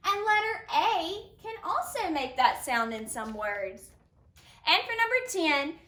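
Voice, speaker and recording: A high, animated woman leads a phonics lesson, sounding out letters slowly and cheering her students on. Her voice is bright and crisp. She is heard from a little way off in an echoey room. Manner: slow, clearly sounded-out letter sounds with lively praise. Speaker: phonics teacher. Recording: echoey room, mic at a distance.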